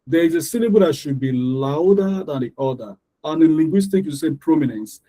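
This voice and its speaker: A man teaching an English lesson on syllables and stress, explaining patiently and repeating example words slowly. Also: fairly high pitch, lively intonation, dark tone, rough recording. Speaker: English tutor.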